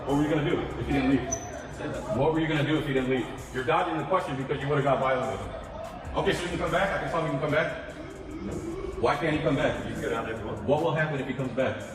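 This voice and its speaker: A man's voice: medium pitch, quick pace. Argumentative man in an echoey hall. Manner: argumentative, cites laws and court cases. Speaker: citizen confronting officials. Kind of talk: confrontational self-filmed encounter. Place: county meeting room and hallway. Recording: echoey distant hall audio with music.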